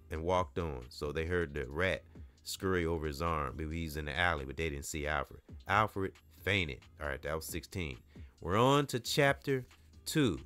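A man's voice: low voice, fairly bright tone, clear, resonant tone, no room sound. A man reading a novel aloud, stopping often to explain the story in a casual way and repeating himself as he corrects his reading. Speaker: book reader.

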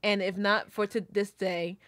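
A woman's voice: medium pitch, little pitch movement, normal speed, a bit bright, no room sound. A woman streamer reading birthday messages aloud, emotional and tearful, laughing between lines. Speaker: VTuber streamer.

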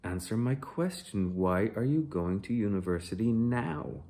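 A man with a deep voice reading the part of a hostile, suspicious male airport security interrogator who mocks as he questions. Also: expressive, measured pace, dark tone. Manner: mocking, aggressive questioning.

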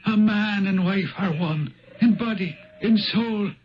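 An actor playing an ancient male Viking spirit turned Irish, who talks gravely in measured riddles for a 1970s radio drama. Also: high-pitched, slight background noise. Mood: solemn. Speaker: Old Man of the Rock. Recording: dull lo-fi 1970s radio broadcast.

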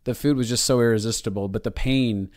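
A man's voice: mid-range voice, fairly even intonation, brisk, darkish tone, dry recording, clean studio sound. Joking man co-hosting a podcast. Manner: joking, earnest, conversational. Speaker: podcast co-host. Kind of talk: casual podcast chat.

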